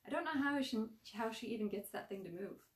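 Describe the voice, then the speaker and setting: A woman's voice: fairly high pitch, expressive, brisk, reverberant, far from the mic, pitched above the performer's own voice, natural voice. A woman voicing a wry, teasing preteen girl who likes to take charge. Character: sassy preteen girl who mocks and leads.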